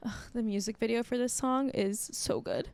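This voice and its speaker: A woman's voice: on the high side, fairly even intonation, normal speed, vocal fry, a little mellow, clear, resonant tone, soft background music. A young woman hosting her own podcast from bed, talking casually, giggly and gushing with emotion. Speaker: podcast host. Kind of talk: casual solo chat.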